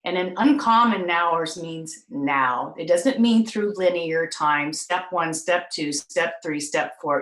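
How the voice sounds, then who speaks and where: A woman's voice: lowish voice, slow pace, few pauses. A woman host telling a personal story to an audience, acting out the voices of the people in it. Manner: animated, acts out voices in her story. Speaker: talk show host. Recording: echoey room.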